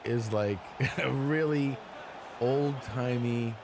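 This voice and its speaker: A man's voice: medium pitch, takes it slowly. A man hosting a casual chat, teasing his co-host and feeding him lines to repeat. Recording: noisy room audio.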